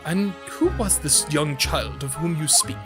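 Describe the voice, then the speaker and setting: Streamer doing a stern, formal courtroom judge. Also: natural voice. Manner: formal, measured, lowered voice. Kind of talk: reading game dialogue aloud on stream. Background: game music.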